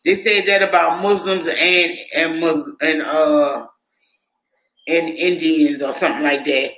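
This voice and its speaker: A woman's voice: on the low side, steady tone, very slow, long pauses, a bit bright. A woman vlogger talking in a casual, rambling monologue, profane and indignant. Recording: echoey room.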